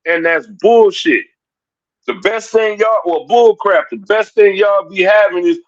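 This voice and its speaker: Over dull lo-fi stream audio, a man whose voice sits high speaks in an unhurried way. He's a livestream commentator, ranting heatedly and confrontationally at his chat and repeating his points.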